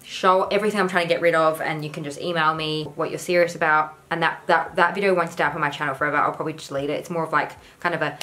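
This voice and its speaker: A woman's voice: sits low, steady tone, rapid-fire, hardly any pauses, fairly bright tone, low-quality recording. A young woman talking candidly to camera in a home vlog, earnest and rambling with lots of "like" fillers. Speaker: YouTuber.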